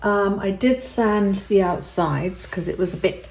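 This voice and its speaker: In a recording with roomy echo, a resin art tutorial maker walks through a craft step by step, chatty and thinking aloud with an occasional um. She speaks a little slowly in a mid-range, gravelly, darkish voice.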